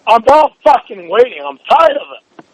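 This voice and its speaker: A man shouting in a heated private argument, furious and swearing nonstop, his voice sore and strained. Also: extremely high pitch, big pitch swings, moderate pace, poor audio.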